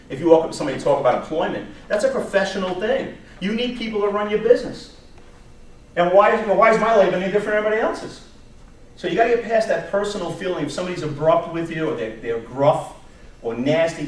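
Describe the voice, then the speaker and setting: A man, giving an animated talk at a staff workshop, telling stories and repeating words as he goes. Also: on the high side. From New York area. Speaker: job search presenter. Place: meeting room. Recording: echoey room from far off, faint noise.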